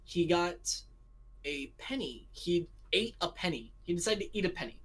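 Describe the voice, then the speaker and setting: A woman's voice: lowish voice, animated, moderate pace, a bit bright, breathy edge, low-quality recording. An American woman chatting casually as a podcast co-host, rambling with many fillers and giggles. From United States. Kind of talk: casual chat.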